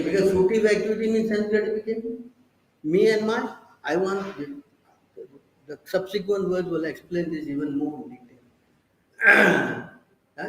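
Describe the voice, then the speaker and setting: Slow-preaching man asking "huh?". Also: high voice, reverberant, a little hiss or hum, rough recording. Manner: rhetorical questions, prods listeners with "huh?". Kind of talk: scripture class lecture.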